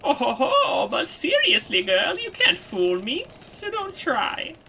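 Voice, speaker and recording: An ancient hooded crone from a story game. The voice is high, quavery and sharply bright, and it cackles and teases with sly, knowing menace. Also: female voice, very animated, measured pace, a little hiss or hum, exaggerated voice, poor audio. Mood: cackling.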